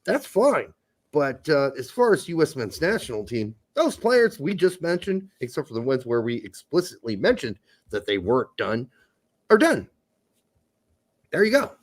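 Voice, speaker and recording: A man's voice: fairly high pitch, big pitch swings, normal speed. A man co-hosting a casual sports podcast, blunt, opinionated and joking, with frequent swearing. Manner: blunt, profane, opinionated, jokey. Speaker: podcast co-host.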